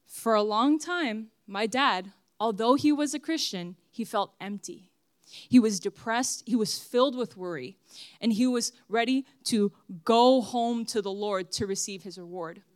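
A woman's voice: on the high side, unhurried, no echo, studio quality. A young woman giving a personal testimony sermon at church, earnest and emphatic as she speaks straight to the congregation.

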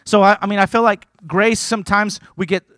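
A man's voice: sits high, fairly even intonation, a little fast, a bit bright, dry recording. A man preaching a sermon who reads scripture aloud with earnest emphasis and slips into conversational asides, stumbling and repeating words.

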